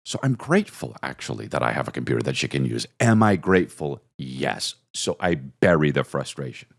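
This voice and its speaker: A podcast host tells a comedic story, acting out his own lines and others' with big jumps in pitch, animated throughout. He talks fairly quickly with noticeable vocal fry.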